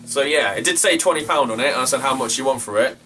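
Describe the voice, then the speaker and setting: Young bloke, rambling casual vlogger, swears a lot; distant mic, soft guitar underneath. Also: male voice, medium pitch, fast talker. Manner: rambling, chatty, swears freely. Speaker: retro game collector. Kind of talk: casual vlog chat. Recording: distant from the mic, faint guitar music behind.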